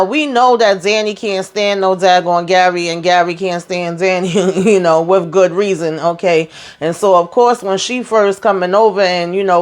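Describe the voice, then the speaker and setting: A woman hosting a casual TV episode recap, chatty and slangy, acting out the characters' lines as she goes. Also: medium pitch. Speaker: TV recap host.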